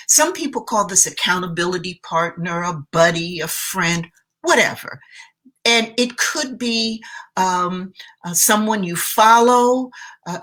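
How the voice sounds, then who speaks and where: A woman's voice: mid-range voice, fairly bright tone, husky. A woman giving a motivational self-care talk as a coach, emphatic and speaking straight to the viewer, repeating her key phrases.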